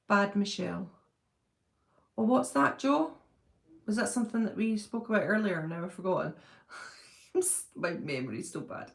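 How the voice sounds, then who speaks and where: Woman, live-stream host, chatty and laughing, reads viewer comments aloud; mid-pitched voice, echoey room. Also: animated, a little slow, vocal fry, long pauses. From Britain. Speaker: channel host reading live chat. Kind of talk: casual live-stream chat. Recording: roomy echo.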